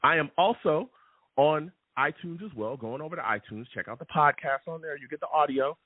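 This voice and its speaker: Chatty sports host on a tinny line. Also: male voice, fairly high pitch, a little fast, no echo. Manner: animated and chatty, repeats "okay?" and "all right?" often. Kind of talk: live call-in fan show monologue. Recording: tinny phone-like sound.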